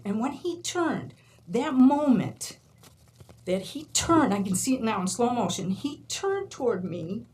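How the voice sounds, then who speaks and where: A woman's voice: on the high side, a little hiss or hum, low-quality recording. A woman from New York, a college instructor, telling stories in a speech at a board meeting, acting out quotes and laughing often. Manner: animated storyteller, acts out quotes, laughs often. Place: large meeting room.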